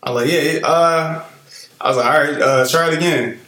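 A man's voice: fairly high pitch, a little fast, bright, forceful tone, reverberant, a little hiss or hum, poor audio. A man in casual conversation, retelling everyday moments with quoted asides.

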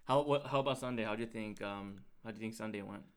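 A man's voice: lowish voice, fast talker. A man in casual chat who laughs often and makes self-deprecating jokes.

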